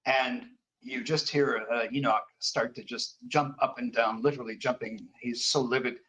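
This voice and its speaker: A man narrating as game master of a tabletop horror game, halting with frequent fillers. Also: medium pitch, fairly even intonation, fairly bright tone, slightly rough, low-quality recording.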